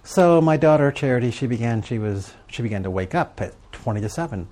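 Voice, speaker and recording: A man's voice: medium pitch, expressive, fairly quick, a little mellow, slight background noise. A middle-aged man giving a sermon to a live audience, telling stories and asking rhetorical questions in a conversational way. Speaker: preacher teaching on prayer and journaling.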